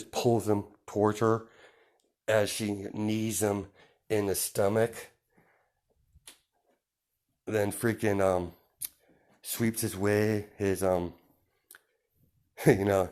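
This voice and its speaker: A man's voice: lowish voice, darkish tone. A man telling an improvised story in a casual, rambling way, full of fillers and restarts. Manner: rambling, many fillers and restarts, laughs at himself.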